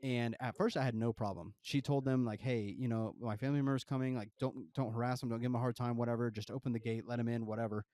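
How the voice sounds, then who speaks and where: A man's voice: medium pitch, steady tone, fast, few pauses, dark tone, dry recording, studio quality. A man co-hosting a podcast, telling a rambling, profane travel story full of fillers. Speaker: podcast co-host. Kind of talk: casual storytelling.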